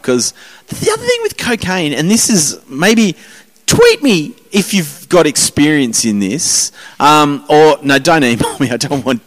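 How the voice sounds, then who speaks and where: Rambling, swearing man. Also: on the high side. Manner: rambling, swearing, self-mocking storyteller. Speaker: podcast host. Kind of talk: casual podcast chat.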